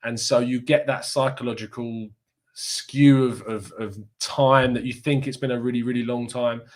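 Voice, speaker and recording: A young man from Kent with a southeast English accent hosts a relaxed fan live stream. He chats easily and reads viewer comments aloud, breaking into laughter often. His voice sits in an ordinary middle pitch. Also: moderate pace. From Kent, England. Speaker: fan channel host reading live chat. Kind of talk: casual live-stream chat.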